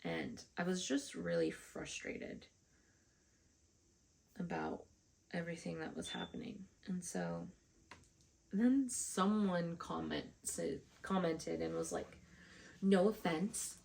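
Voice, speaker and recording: A woman's voice: fairly low pitch, animated, takes it slowly, gravelly, long pauses, a little mellow. A woman vlogger telling a story casually, frustrated and swearing often, acting out the dialogue she quotes.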